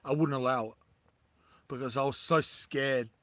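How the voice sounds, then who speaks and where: A man's voice: mid-range voice, fairly even intonation, moderate pace, fairly bright tone, no room sound. A man talking casually on a livestream, rambling and often laughing as he addresses his viewers.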